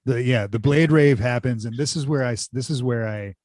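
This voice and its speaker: Podcast dude, deadpan jokey asides, plain mid voice, dry close sound. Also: male voice, medium pitch, fairly quick, no room sound. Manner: deadpan, joking asides and repeated one-word quips. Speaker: podcast co-host. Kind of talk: casual movie recap chat.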